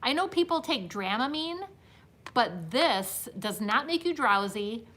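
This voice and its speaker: Bright-voiced chatty woman in her fifties. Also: a little high, big pitch swings, unhurried. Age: 50s. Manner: chatty storyteller, talks straight to viewers, laughs often. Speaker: host. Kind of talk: casual live-stream chat.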